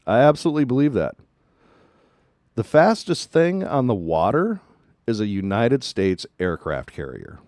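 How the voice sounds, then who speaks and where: A man's voice: on the low side, a little mellow, no echo, studio quality. A man hosting a news commentary show. He talks emphatically and repeats his points for stress. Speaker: show host.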